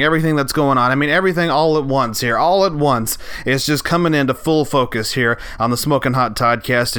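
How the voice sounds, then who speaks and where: A man's voice: fairly high pitch, fairly bright tone, smooth, no room sound. A man hosting a comedy podcast, introducing the episode with hyped, rambling patter. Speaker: podcast host.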